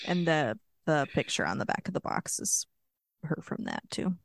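A laid-back young woman co-hosting a podcast, explaining facts in a steady, easy manner. Her voice sits a little low and has a strong gravelly fry. The sound is dry and close-miked. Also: normal speed, no room sound. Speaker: podcast co-host. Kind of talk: casual chat, sharing facts.

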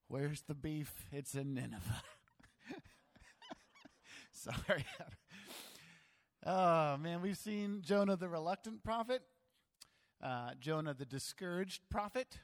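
Man preaching in a reverberant church. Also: a little high. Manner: reads scripture then preaches with dramatic emphasis. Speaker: pastor. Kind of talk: sermon. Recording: long hall reverb.

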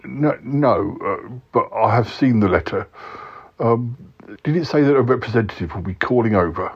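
A man's voice: mid-range voice, expressive, normal speed, husky. Man doing a stammering, dithering yeti uncle. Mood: hesitant. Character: timid, fussy male yeti uncle. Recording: dull lo-fi recording.

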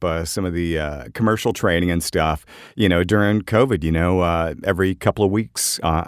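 A man with a very low voice chats casually on a podcast, wandering through his points with plenty of fillers. He sounds close and dry, recorded in a home voiceover booth. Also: dry recording. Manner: easygoing, rambling, many fillers. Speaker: podcast co-host, voice actor.

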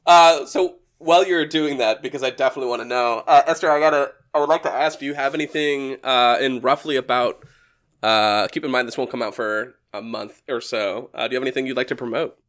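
A man's voice: medium pitch, a little fast, a bit bright. Laughing, rambling podcast host man. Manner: laughs often, rambling with restarts. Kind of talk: casual podcast chat.

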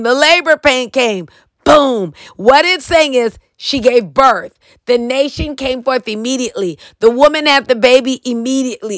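A woman's voice: sits high, fairly bright tone, no room sound. A middle-aged woman preaching on a podcast, reading scripture and urging listeners with "listen to me.". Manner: earnest, repeats "listen to me" and "okay".

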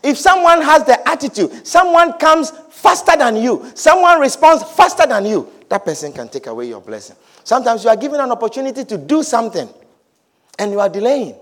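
High-voiced male preacher, lively and emphatic. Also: brisk. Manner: repetitive, emphatic, swings from shouts to low murmurs. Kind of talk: sermon.

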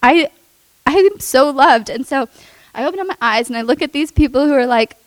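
A woman's voice: high voice, animated, a little fast, no room sound, poor audio. Earnest young woman sharing a testimony. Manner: earnest and emotional, with many "like" fillers and soft laughs. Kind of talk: personal testimony.

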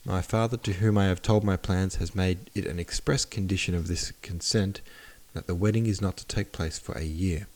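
Male reader as a serious, restrained prince, deep and earnest. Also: fairly even intonation, normal speed, hardly any pauses, darkish tone. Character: grave aristocratic male suitor, reserved.

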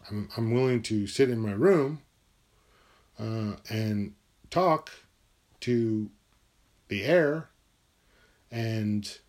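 A man's voice: mid-range voice, darkish tone. A man talking alone in his room in a rambling, musing monologue, swearing freely as he goes. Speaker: vlogger.

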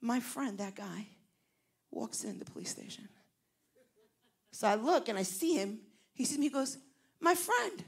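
Brief: animated woman preacher, somewhat high and husky, building to loud emphasis. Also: normal speed, pauses often. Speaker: pastor. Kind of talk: sermon storytelling.

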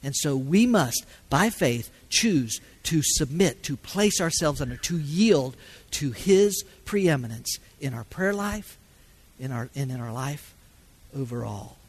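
A middle-aged man preaching a sermon. He swings from loud, ringing calls to hushed, quiet pauses. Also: on the high side, lively intonation, husky. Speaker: pastor.

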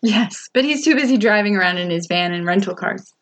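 A woman hosting a podcast, chatting casually about a TV show, laughing often and throwing in quick asides. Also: mid-range voice, lively intonation, fairly bright tone. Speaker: podcast host. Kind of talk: casual chat recapping a TV show.

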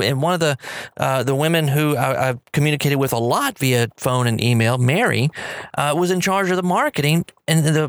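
A man's voice: a little high, no echo. Enthusiastic man hosting a podcast. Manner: rambling and enthusiastic, with many fillers and restarts. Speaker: podcast host. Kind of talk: casual solo podcast monologue.

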